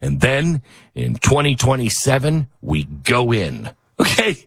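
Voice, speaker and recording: A husky man hosts a casual talk show, pitch leaping up and down as he mocks what he reads. He laughs at his own jokes and riffs loosely between reading out stories. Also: very animated, unhurried. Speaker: show host.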